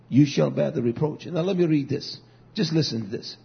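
Very husky high-voiced male preacher. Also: fairly quick. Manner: swings from shouting to low murmuring; repetitive, stumbling restarts. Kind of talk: fiery sermon. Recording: dull lo-fi recording.

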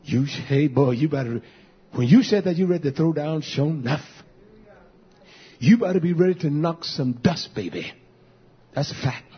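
An older man gives an informal sermon in a husky, fairly high voice. He preaches in a folksy, repetitive way and drifts into animated storytelling. The recording sounds dull and lo-fi. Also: moderate pace, pauses often.

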